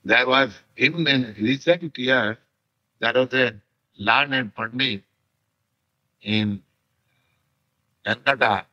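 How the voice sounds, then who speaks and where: An older Indian man gives a scripture lecture, speaking very slowly with long pauses and repeated phrases. His voice is bright and forceful, and it is recorded dry and close on an old 1960s tape. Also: medium pitch, no echo, lo-fi sound. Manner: slow, deliberate, repetitive phrasing with many pauses. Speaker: spiritual teacher.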